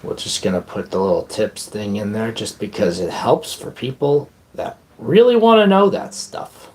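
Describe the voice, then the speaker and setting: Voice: medium pitch, animated, moderate pace, darkish tone. A live streamer chatting casually with viewers in a playful, rambling way, now and then breaking into made-up silly songs. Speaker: livestream host and musician.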